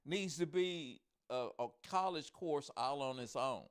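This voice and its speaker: A man co-hosting a podcast, talking casually and acting out characters as an animated storyteller. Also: fairly high pitch, unhurried, smooth. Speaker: podcast co-host.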